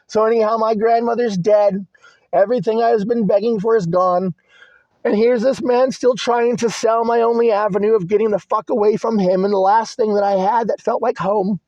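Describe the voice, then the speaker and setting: A man's voice: high-pitched, fairly even intonation, normal speed, a little mellow, no room sound. A young man venting in a rambling, agitated monologue from inside his car, swearing and repeating himself. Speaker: vlogger. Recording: dry, muffled lo-fi recording.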